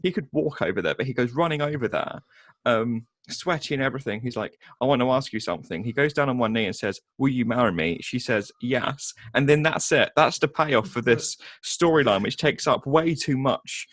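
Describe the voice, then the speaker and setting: A man's voice: medium pitch, expressive, normal speed, fairly bright tone, no room sound. Dry-voiced man reviewing films. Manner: hesitant, many ums and restarts, sarcastic. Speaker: podcast co-host. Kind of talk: casual film review chat.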